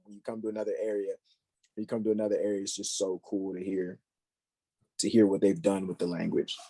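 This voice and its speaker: A young man in a casual podcast conversation, storytelling with lots of slang and fillers. His voice is on the low side, with a dark, mellow tone and a husky edge. The sound is dry and close. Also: level tone, brisk, no echo.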